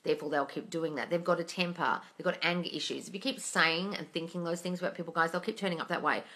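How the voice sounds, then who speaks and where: A young woman chats through a live Q&A in a bright, forceful voice that sits on the low side. She is blunt and sweary and calls viewers darling as she answers their comments. The delivery is casual and unscripted. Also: steady tone, fast talker. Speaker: manifesting coach and livestream host.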